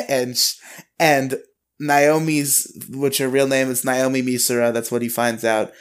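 A man's voice: mid-range voice, flat delivery, unhurried. A man co-hosting a podcast, casually recapping an anime episode, acting out lines in a raised voice and laughing often. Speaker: podcast co-host.

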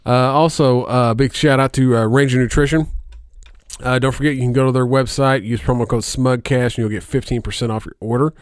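A man hosting a podcast in casual, profane chat, laughing often and filling pauses with "uh". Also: medium pitch, steady tone, clean tone, dry recording, studio quality. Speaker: podcast host.

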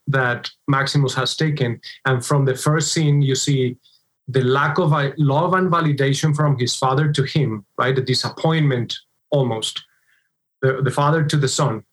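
A man's voice: medium pitch, moderate pace, rough recording. Thoughtful married man discussing a film. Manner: thoughtful, builds points with "right?" checks. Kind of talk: casual faith-based film discussion.

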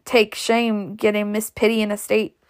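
A woman's voice: mid-range voice, completely flat delivery, normal speed, close to an everyday voice. A woman voicing a fussy, fretful old male carriage driver who scolds his passengers. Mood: scolding.

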